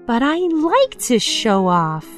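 A woman voicing a boastful young male fox in a storybook reading, cocky and lively. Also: a little high, slow pace, voice pushed up, exaggerated voice. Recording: faint piano music behind.

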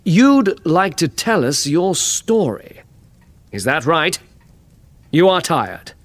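A man voicing a calm, confident, kindly detective in an audiobook, speaking gently and reassuringly. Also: a little high, slow, voice pushed up, exaggerated voice. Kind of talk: audiobook character reading.

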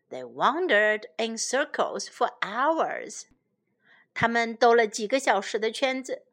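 A woman who teaches English to children reads a bilingual storybook aloud, unhurried and careful. Her voice sits high and light, and her delivery is gentle and clear. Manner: slow, careful, gentle reading.

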